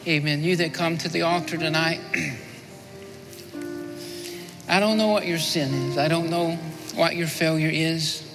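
A man pastor giving an earnest altar call in a sermon, repeating his phrases and often sinking to a soft, low voice. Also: fairly even intonation, unhurried, vocal fry, pauses often. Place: church sanctuary. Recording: long church-hall reverb with music. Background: music playing.

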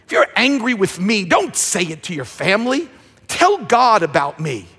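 A man preaching a sermon in a church, repeating phrases and building to shouted emphasis. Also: high voice, big pitch swings, normal speed, breathy edge, in a large hall. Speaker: pastor. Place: church sanctuary.

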